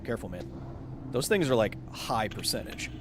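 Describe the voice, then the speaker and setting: Excitable, chatty male game streamer. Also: fairly low pitch, moderate pace, over music. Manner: excitable, joking, talks to chat. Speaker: streamer playing a video game live. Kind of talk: casual let's-play chat.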